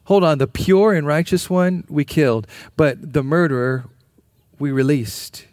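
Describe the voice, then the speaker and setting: Man, pastor, sermon, emphatic, repeats phrases, slightly high voice, dry sound. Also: a little slow, a little mellow, no echo.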